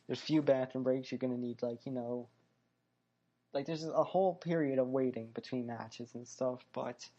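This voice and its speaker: A man's voice: mid-range voice, warm tone, lo-fi sound. A man hosting a podcast, chatting casually through a fight recap in a rambling way, full of fillers and self-corrections. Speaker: podcast host. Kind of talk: solo wrestling and fight recap chat.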